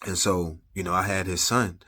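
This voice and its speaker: A man with a low, deep voice tells a personal faith story in an easy, conversational way. He keeps checking in with listeners through repeated "you know what I'm saying" fillers. His storytelling is unscripted and earnest. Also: steady tone, normal speed, bright, forceful tone. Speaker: vlogger sharing personal testimony. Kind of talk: casual faith-based storytelling.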